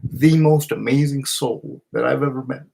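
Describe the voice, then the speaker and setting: Emotional man with a gravelly, husky voice. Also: medium pitch, steady tone, darkish tone. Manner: emotional, halting, with restarts and pauses. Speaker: partner recording a personal video message. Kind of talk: heartfelt personal video message. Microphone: camera he speaks into.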